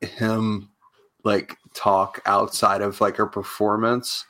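A man's voice: fairly low pitch, little pitch movement, slow, pushed and bright. A man, a comedian guest, chatting casually in a loose, laid-back way, full of fillers. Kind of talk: casual chat.

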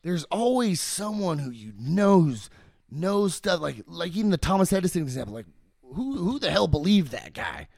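Animated man telling stories in casual chat; gravelly, lively pitch. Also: normal speed, no room sound. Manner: animated storyteller with many fillers.

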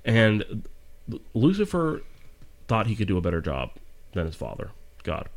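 A man's voice: lowish voice, huge pitch swings, moderate pace. A man hosting a casual podcast chat, rambling and joking as he reads aloud from his notes with stumbles. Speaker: podcast host.

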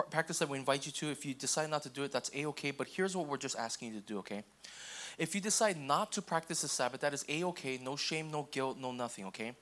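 A man's voice: fairly high pitch, fairly bright tone. Casual chatty male pastor preaching. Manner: casual, repeats okay and restarts, acts out quoted voices. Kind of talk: sermon.

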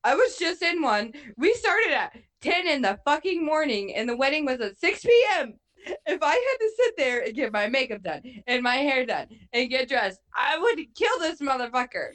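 Animated woman in a casual movie chat. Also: high-pitched, normal speed. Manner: animated, swears a lot, acts out her reactions. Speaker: co-host.

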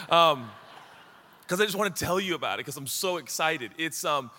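Excited man preaching in a reverberant hall. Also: fairly high pitch, a little fast. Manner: animated storytelling, rising to excited shouts and laughter. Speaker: pastor. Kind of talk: sermon.

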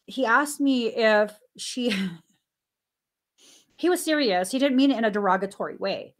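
A woman, a stay-at-home mom, telling anecdotes in casual talk, animated and laughing often, acting out the dialogue she quotes. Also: a little slow. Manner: acts out dialogue with sudden pitch jumps.

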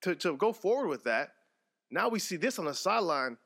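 A man co-hosting a sports podcast in casual chat, animated and jokey, breaking into mock play-by-play. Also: high voice, brisk, creaky. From Canada. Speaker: podcast co-host.

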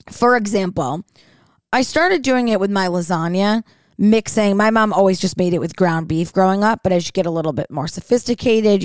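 A woman's voice: mid-range voice, a little mellow, no echo. Chatty woman podcaster, dry sound. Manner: chatty, rambling, lots of fillers. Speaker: podcast host. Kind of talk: casual solo chat.

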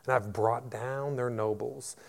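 A man's voice: mid-range voice, steady tone, a little slow, creaky. A male pastor preaching a sermon to his church, building to emphatic declarations and repeating words as he goes.

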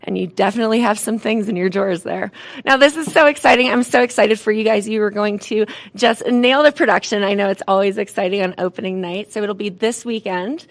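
A woman's voice: medium pitch, a little fast. Bubbly woman morning TV host. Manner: bubbly, laughs a lot. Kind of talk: TV morning show hosting.

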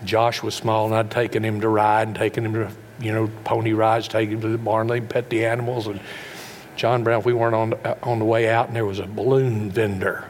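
A man's voice: fairly low pitch, level tone, a little fast, a little hiss or hum. Folksy middle-aged male pastor, sermon delivery, keeps asking the congregation questions.

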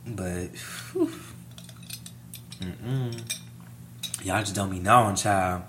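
A young adult man vlogging a casual storytime, animated and profane, playing up every scene. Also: lowish voice, a little slow, slight background noise.

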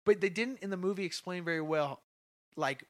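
A man co-hosting a podcast in a casual, animated movie discussion, laughing often and swearing casually. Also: sits high, fairly quick, no room sound.

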